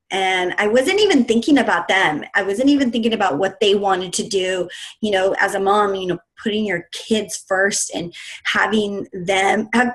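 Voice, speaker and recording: A woman's voice: mid-range voice, a bit bright, rough recording. A woman in her thirties, a fitness coach, telling her personal story in an earnest, emotional way during a webinar talk. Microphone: webinar computer mic.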